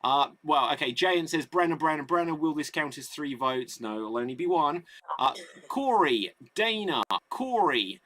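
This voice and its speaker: A man's voice: a little high, lively intonation, normal speed, fairly bright tone. A man hosting a live online improv comedy show, reading out audience votes and setting up games. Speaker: host.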